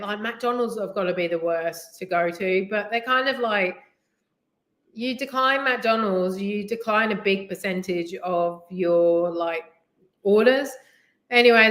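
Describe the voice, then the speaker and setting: A delivery driver live-streaming from the West Midlands, this middle-aged English-accented woman has a medium-pitched, fairly bright voice. She rambles casually, saying "like" and "you know" constantly, and her voice bounces around a roomy, echoing space.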